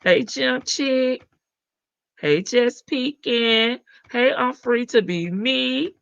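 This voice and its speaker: Slow, bright-voiced Southern woman. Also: on the high side, creaky, clear, resonant tone, no room sound. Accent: Southern American. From Southern United States. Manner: folksy, laughing, calls listeners baby and child. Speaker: livestream host. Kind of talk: casual gossip chat with viewers. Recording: dull lo-fi stream audio, dry.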